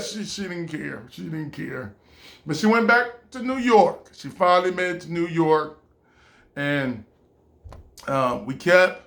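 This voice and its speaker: A vlogger from California tells a personal story to camera and keeps circling back to repeat himself, chuckling as he goes. His voice sits fairly high for a man and sounds bright, and he talks at a slow, unhurried pace. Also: expressive, vocal fry. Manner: rambling and repetitive, with chuckles.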